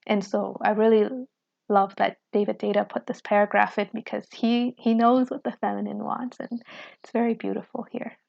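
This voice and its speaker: A woman reading from a book and reflecting on it in an earnest, unhurried way, often asking "right?" and adding "you know". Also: mid-range voice, flat delivery, vocal fry, a little mellow, dull audio. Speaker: book commentator.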